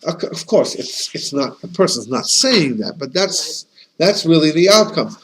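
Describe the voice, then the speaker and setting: A man's voice: fairly high pitch, very animated, moderate pace, a bit bright, a little hiss or hum, rough recording. A man, a rabbi, teaching a casual class in a chatty, anecdotal way, often restarting his sentences and dropping in Yiddish and Hebrew terms. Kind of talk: casual conversational lesson.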